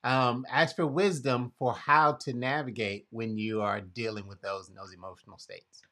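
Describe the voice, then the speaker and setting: A man's voice: medium pitch, steady tone, moderate pace, sharp tone. A man hosting a casual conversation, retelling a Bible story expressively and acting out quotes. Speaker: podcast host.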